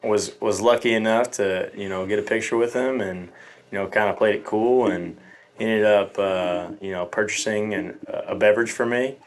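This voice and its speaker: A young man, a football coach appearing as a podcast guest, telling a story in a relaxed, laid-back way. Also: on the low side, moderate pace. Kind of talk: casual chat.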